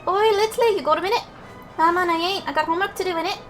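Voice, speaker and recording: A woman's voice: extremely high pitch, fast talker, fairly bright tone, faint music behind, pitched above the performer's own voice. A woman voicing a cheeky small male fairy sidekick in a game, with a put-on Welsh accent and a blunt, folksy way of talking. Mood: coaxing.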